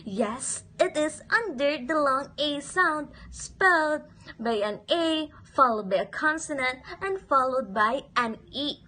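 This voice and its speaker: A woman's voice: high-pitched, expressive, slow pace, sharp tone. A woman teaching a phonics lesson to young children, asking questions and having them repeat words in a sing-song way.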